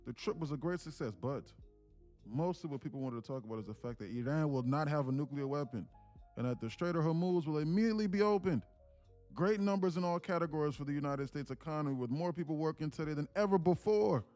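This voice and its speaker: A man doing a swaggering male politician who boasts at full volume, every line a triumphant announcement. The voice rides higher than the speaker's own, with faint music underneath. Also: quick pace, lightly acted. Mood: boastful. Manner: loud, emphatic, bragging proclamation. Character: boastful aggressive male politician shouting in all caps.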